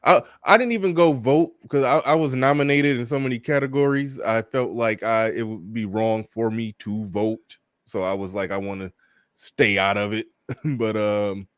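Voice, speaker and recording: A man's voice: on the low side, clean tone, no echo, clean studio sound. Laid-back man hosting a live stream. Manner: laid-back, drawling, halting.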